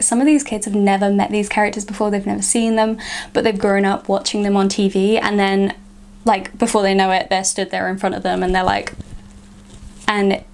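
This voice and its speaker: A woman's voice: mid-range voice, darkish tone. A young woman, chatting casually to camera in a vlog and filling her sentences with "like". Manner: chatty, frequent "like" fillers. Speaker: vlogger.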